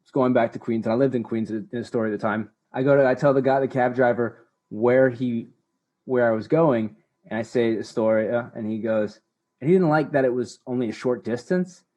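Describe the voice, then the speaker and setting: A young man co-hosting a casual sports podcast, telling stories in a halting, stammering way. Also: mid-range voice, mellow. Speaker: podcast co-host. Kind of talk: casual chat.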